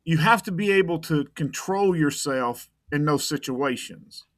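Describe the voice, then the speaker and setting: A man's voice: fairly high pitch, animated, a little slow, no room sound, clean studio sound. A man talking casually on a podcast as a private investigator guest, blunt and tough, often repeating words as he goes.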